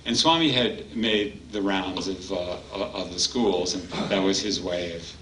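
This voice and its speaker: A man speaking at a retreat, telling a personal story in a halting, heartfelt way with many pauses. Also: sits low. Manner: halting, warm reminiscing with frequent pauses. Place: retreat hall. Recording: roomy hall, distant mic, faint background hum.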